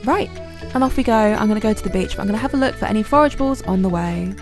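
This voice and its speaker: Woman, gravelly, mid-pitched, chatty game commentary, soft music behind. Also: expressive, very fast. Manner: chatty, many ums, self-deprecating. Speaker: gaming channel host. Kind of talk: gameplay commentary.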